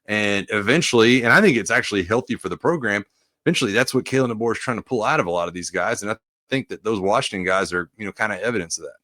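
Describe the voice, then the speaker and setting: A man's voice: fairly low pitch, expressive, quick pace, pushed and bright, dry recording, clean studio sound. A man co-hosting a casual sports podcast, a former player rambling with plenty of fillers.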